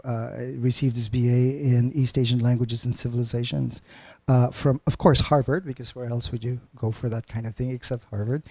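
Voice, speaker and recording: A man's voice: mid-range voice, mellow, no echo. A man hosting a literary reading, introducing the guests with frequent hesitant filler sounds. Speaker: event host introducing readers.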